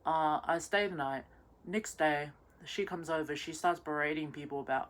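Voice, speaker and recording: A woman's voice: deep voice, moderate pace, fairly bright tone, slight background noise. A young woman, drunk, rambling through a messy personal rant with many restarts and stumbles. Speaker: vlogger.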